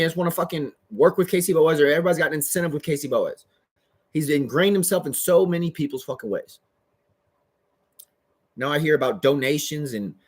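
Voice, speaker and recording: A man's voice: mid-range voice, breathy edge. A man giving an agitated, rambling monologue as a vlogger, swearing heavily. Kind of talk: profane ranting monologue.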